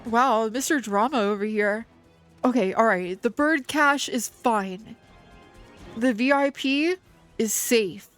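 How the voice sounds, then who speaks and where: Excitable woman streaming a game. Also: on the high side, takes it slowly, faint music behind. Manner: excitable, swears often, talks to chat while playing. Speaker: VTuber streamer. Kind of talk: gaming livestream chat.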